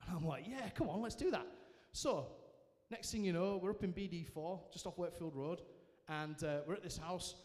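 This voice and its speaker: A man giving a personal testimony to a live audience, telling it as a lively story with self-mocking humour. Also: a little high, moderate pace. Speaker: guest speaker sharing his testimony. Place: large church hall, indoors. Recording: reverberant church hall.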